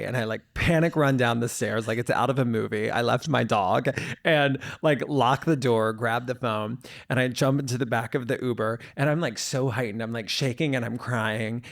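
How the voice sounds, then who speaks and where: A man co-hosting a podcast, telling a long story in an animated, dramatic way. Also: medium pitch, vocal fry. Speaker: podcast co-host. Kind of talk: casual storytelling chat.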